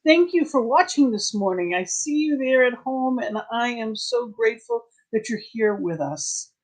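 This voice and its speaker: A woman's voice: on the high side, animated, moderate pace. A woman leading an online spiritual service, greeting viewers by name and introducing a guest with gushing praise. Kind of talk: welcoming service host talk.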